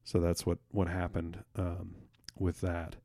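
A man co-hosting a podcast, telling jokes in a rambling, halting way with lots of fillers and restarts and casual swearing. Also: low-pitched, monotone, warm tone, dry recording, studio quality. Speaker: podcast co-host.

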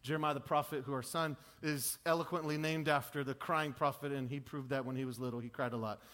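A man in his thirties preaching a sermon, swinging between loud, high bursts and low, quiet asides. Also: steady tone, brisk. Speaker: pastor.

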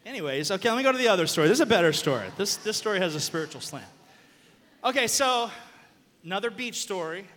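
High-voiced animated man preaching in a reverberant hall. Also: fast. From southern United States. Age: young adult. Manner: animated storytelling, bursts of shouting. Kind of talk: sermon.

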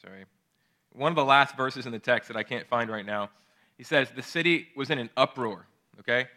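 A man in his late thirties preaching a sermon, earnest and excitable, often restarting his phrases. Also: medium pitch, a little fast. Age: late 30s. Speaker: pastor.

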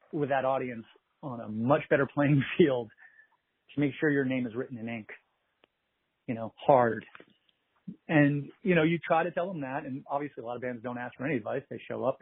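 A man, a festival producer, telling animated anecdotes in a casual interview, quoting people and laughing often. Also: mid-range voice, no room sound. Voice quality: husky, gravelly. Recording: tinny phone-like line.

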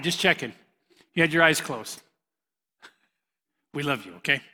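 A man's voice: a little high, lively intonation, normal speed, long pauses, sharp tone. A middle-aged man who teaches the Bible to a youth group in an easygoing way, joking and laughing at his own asides. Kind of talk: casual preaching to a youth group. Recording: long hall reverb.

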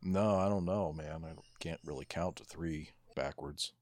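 A man's voice: very deep voice, a little slow, a crowd in the background. A man co-hosting a movie commentary, reacting in laid-back, dry remarks. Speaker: podcast co-host. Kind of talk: casual movie commentary chat.

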